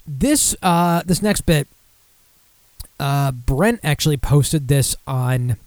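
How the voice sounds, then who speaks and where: A man's voice: a little high, expressive, slow, a little mellow, no room sound. A man hosting a podcast, reading news aloud in a loose, casual way with profane, sarcastic asides. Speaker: podcast host.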